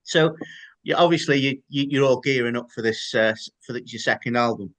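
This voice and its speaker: A man's voice: mid-range voice, brisk, a bit bright. A man interviewing a band, asking stumbling, jokey questions in a casual way.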